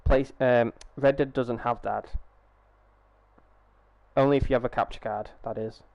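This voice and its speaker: A man's voice: medium pitch, steady tone, measured pace, gravelly, no room sound, highs cut off. A young man chatting casually on a live gaming stream through a headset, rambling, swearing freely and restarting his sentences.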